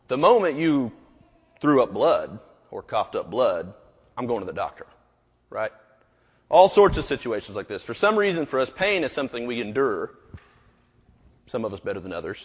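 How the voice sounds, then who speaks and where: Husky and mid-range, a man's voice is very animated as he preaches at a moderate pace with long pauses. In his thirties, he rambles casually through a personal story full of "you know," in an echoey auditorium on a dull recording.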